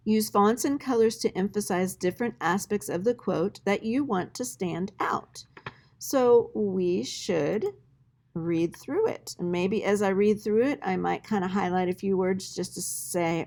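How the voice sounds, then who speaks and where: A woman's voice: medium pitch, a little slow, vocal fry, darkish tone. A woman teacher walking students through an assignment in a screen-recorded tutorial, talking conversationally and checking in often with "all right?".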